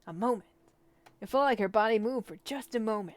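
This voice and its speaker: A woman's voice: on the high side, a little fast. Woman reading a visual novel aloud. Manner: reads narration with feeling, laughs between lines. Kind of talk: reading a game script aloud and chatting. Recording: voice over game music. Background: faint game music.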